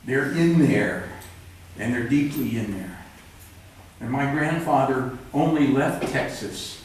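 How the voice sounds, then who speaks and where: A man's voice: mid-range voice, expressive, slow, distant mic, slight background noise. Man reading his stories in a roomy hall. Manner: plainspoken, wry, rambling asides. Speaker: author reading his work. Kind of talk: live literary reading with asides. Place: cultural center event room. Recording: roomy live recording from afar.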